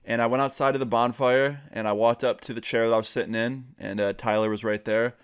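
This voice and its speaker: Young male vlogger, casual storytime, chatty, filler-heavy, mid-pitched voice. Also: fairly even intonation, brisk, clear, resonant tone. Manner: chatty, filler-heavy, acts out quoted friends.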